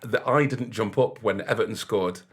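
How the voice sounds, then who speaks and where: A man's voice: fairly low pitch, normal speed, husky. A man, a DJ and comedian, telling stories in casual chat and laughing through them. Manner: laughs through his stories, acts out quoted people loudly. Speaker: podcast guest, DJ and comedian.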